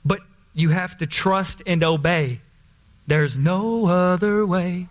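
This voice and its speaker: A man preaching a sermon in a folksy, animated storytelling way, calling out to his congregation. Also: high voice, slow. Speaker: pastor.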